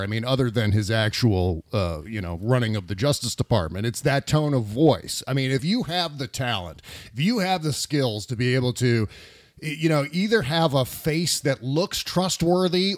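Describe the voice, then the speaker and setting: A man's voice: medium pitch, no room sound, clean studio sound. A man co-hosting a political podcast, talking in a wry, loose, conversational way. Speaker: podcast co-host. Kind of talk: casual political chat.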